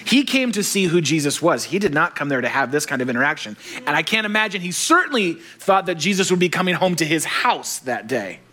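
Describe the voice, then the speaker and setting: Male pastor, lively and joking, slightly high bright voice, acts out his quotes. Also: fairly quick, hardly any pauses. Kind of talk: sermon.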